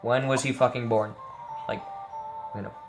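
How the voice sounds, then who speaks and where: A man's voice: medium pitch, level tone, normal speed, over music. A young man giving casual, rambling and profane gameplay commentary, sleepy and joking as he plays. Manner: tired, rambling, jokey and profane. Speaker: gameplay streamer.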